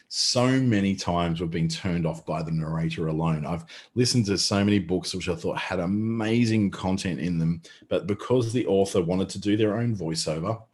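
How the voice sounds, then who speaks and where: A deep-voiced Australian man with a slight lisp leads a casual online class. His talk is chatty and wandering, with plenty of fillers and restarts, and he sits a little back from the microphone. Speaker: presenter. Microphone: mic a short distance away, no pop filter.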